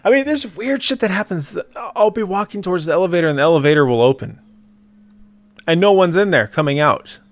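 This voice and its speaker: A man's voice: high-pitched, animated, brisk, no room sound. A young adult man in casual chat, telling a ghost story with swearing and laughter.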